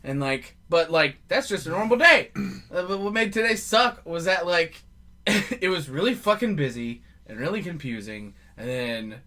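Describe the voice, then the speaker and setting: A man co-hosting a comedy podcast, telling stories in a casual, profane, animated way with frequent laughter. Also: fairly high pitch, moderate pace. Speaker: podcast co-host.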